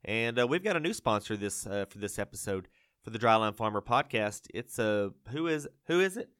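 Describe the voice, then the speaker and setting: Rambling joking podcast host. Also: male voice, medium pitch, bright, forceful tone, smooth. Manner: rambling, joking, many fillers. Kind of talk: casual comedic chat.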